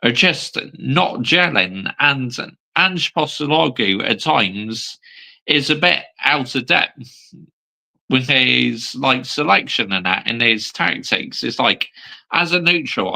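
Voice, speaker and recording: A man's voice: medium pitch, lively intonation, slow, vocal fry, pushed and bright, low-quality recording. A young man chatting casually about football on his own channel, swearing freely and repeating "I mean" between points. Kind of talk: casual live-stream football chat.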